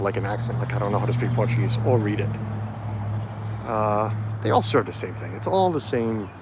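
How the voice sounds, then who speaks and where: Outdoors at a festival, a man livestreams from a handheld phone while walking, chatting casually and filling his rambling with fillers. His voice is on the low side with lively intonation and a brisk pace, against a noisy background.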